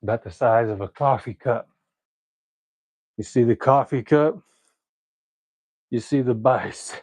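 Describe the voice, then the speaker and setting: A man's voice: medium pitch, a little slow, a little mellow, no room sound. A man chatting casually to viewers while he works out at home, joking, laughing often and counting his reps aloud. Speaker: fitness vlogger. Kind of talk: casual chat during a workout.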